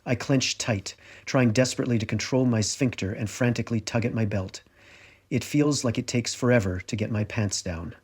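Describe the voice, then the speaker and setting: A man's voice: mid-range voice, normal speed, darkish tone, slightly rough. A middle-aged man reading his own memoir aloud in a wry, confessional first-person telling. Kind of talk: audiobook narration.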